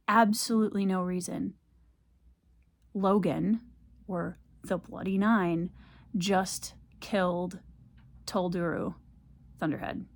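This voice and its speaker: A woman's voice: lowish voice, steady tone, takes it slowly, long pauses. A young woman talking casually to camera in a reading vlog, ranting in frustration and repeating herself. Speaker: book vlogger.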